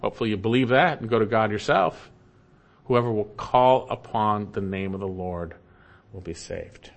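A man preaching an expository sermon, emphatic and swinging between loud, lifted lines and low, quiet asides. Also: normal speed, vocal fry. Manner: emphatic, rising and falling with emphasis. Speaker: pastor.

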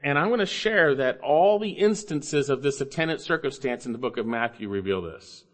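A man preaching an expository sermon, emphatic, coaxing listeners along with rhetorical questions and swinging between loud stresses and low asides. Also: expressive, moderate pace. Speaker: preacher teaching Bible grammar.

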